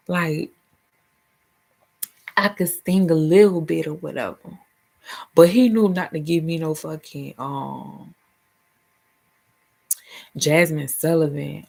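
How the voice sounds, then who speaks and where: Low, gravelly and darkish in tone, this woman's voice carries a Southern US accent. She's a vlogger and spiritual healer having a casual, profane chat about her spiritual life, full of laughter and silly voices.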